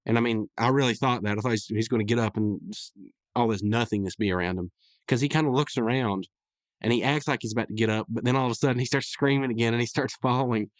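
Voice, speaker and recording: A man's voice: mid-range voice, fast talker, no echo. Male podcast host, casual rambling recap, dry close sound, mid-range voice. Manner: rambling, with many restarts and fillers.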